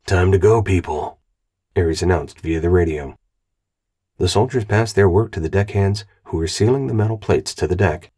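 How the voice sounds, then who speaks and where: Deep, husky man narrating. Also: normal speed, a little mellow. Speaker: audiobook narrator. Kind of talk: scripted narration.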